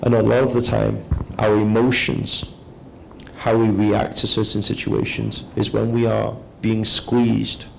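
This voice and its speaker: A man giving a calm, measured spiritual talk, speaking slowly and deliberately as a teacher. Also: on the low side, vocal fry, slight background noise, rough recording.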